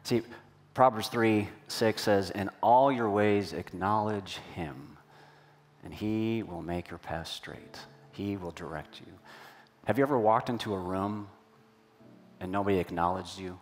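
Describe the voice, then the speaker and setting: A man's voice: lowish voice, unhurried. A man preaching a sermon in a church, telling a personal story and asking the congregation questions in a conversational way. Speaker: pastor.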